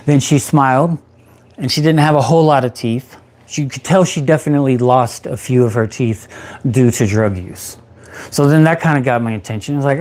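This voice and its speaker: A man in his thirties who works as a peer support specialist recounts his recovery on a livestream, animatedly reenacting what he used to say. He speaks at a medium pitch and a moderate pace.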